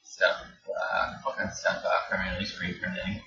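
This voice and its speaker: A man appearing as a podcast guest, relaxed and chuckling, with many filler words. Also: normal speed. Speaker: podcast guest, design business owner. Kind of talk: casual podcast chat. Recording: distant, roomy, dull, noisy podcast mic.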